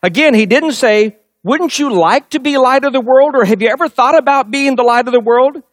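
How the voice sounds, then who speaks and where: A man's voice: very high-pitched, brisk, no room sound, studio quality. A middle-aged male pastor preaching a sermon, telling a personal story and driving points home with emphatic repetition.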